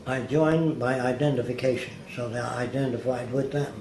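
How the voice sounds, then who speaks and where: An interview guest with a medium-pitched voice speaks at normal speed, telling anecdotes as a lively storyteller who acts out the people he quotes. The room is echoey, with a faint hiss.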